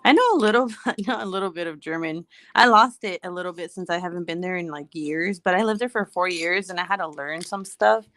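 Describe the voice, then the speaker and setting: Chatty laughing mom, dry close sound. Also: female voice, fairly low pitch, fairly quick, few pauses, fairly bright tone, no room sound. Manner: chatty, laughs often, sings to herself. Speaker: vlogger. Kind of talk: casual chat while working. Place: her home in Hawaii.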